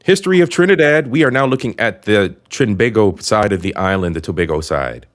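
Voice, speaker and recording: A man's voice: on the low side, a little fast. A man hosting a live stream, chatting casually as he reacts to a history video and thanks viewers by name. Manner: animated, chatty, shouts out viewers. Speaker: show host reacting to a video.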